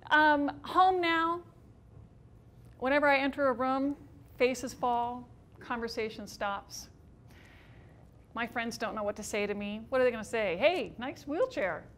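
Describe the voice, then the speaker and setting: A woman in her fifties performing an autobiographical one-woman stage show, telling her story in a wry, expressive way with dry humor. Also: fairly high pitch, measured pace, long pauses, a little hiss or hum.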